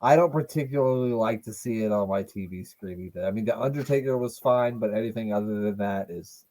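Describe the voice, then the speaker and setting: Man, podcast co-host, casual chat, joking, swears, mellow voice. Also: fairly low pitch, brisk. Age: adult, watched as a child in 1995. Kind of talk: casual chat watching wrestling.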